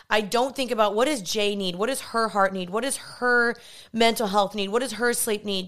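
A woman's voice: a little high, clean tone. A young woman hosting a podcast, telling a personal story in a candid, chatty way and acting out what people said. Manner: candid, chatty, animated storytelling with acted-out quotes. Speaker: podcast host. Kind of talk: personal faith-based podcast monologue.

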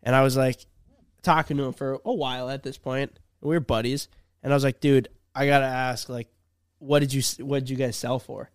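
A young man spins a laid-back story in casual chat, acting out what people said. His voice is smooth and resonant, and the room sounds dry and close. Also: mid-range voice, level tone, a little fast, no echo. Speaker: YouTuber.

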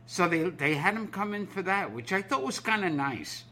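A man hosting a talk show, telling a story in halting, stammering starts. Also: high voice, expressive, sharp tone. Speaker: host. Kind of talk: casual talk show chat.

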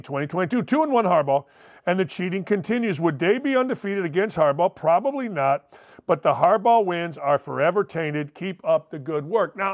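A middle-aged man hosting a sports talk show, brashly reading listener emails and telling stories with loud gusto. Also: high-pitched. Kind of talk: sports talk radio monologue.

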